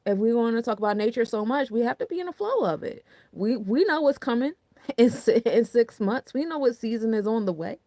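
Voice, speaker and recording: A woman's voice: on the high side, lively intonation, brisk, dark tone, dry recording. Woman musing on astrology in a dry close room. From New Jersey. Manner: conversational, repeats "you know what I'm saying"; rhetorical questioning. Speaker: astrology podcast host. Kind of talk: casual astrology talk.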